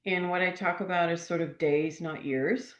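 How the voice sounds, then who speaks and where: Older woman author, guest spot, earnest and reflective, low voice, roomy muffled line. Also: steady tone, normal speed. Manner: reflective, earnest, warm enthusiasm. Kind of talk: podcast interview. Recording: echoey, dull remote audio.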